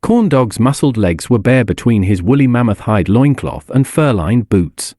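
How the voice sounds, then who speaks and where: A man narrating a fantasy audiobook in a wry, expressive storytelling manner. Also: mid-range voice, moderate pace, dry recording, clean studio sound.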